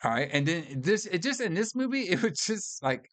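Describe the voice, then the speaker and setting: A man co-hosting a film podcast, his voice sitting a little higher than most men's. He chats loosely, swears freely and laughs a lot, recorded close and dry with no room sound. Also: very animated, a little fast, a bit bright, no echo. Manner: loose, profane, laughs often, fond of "all right" and "brother". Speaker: podcast co-host. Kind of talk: casual film review chat.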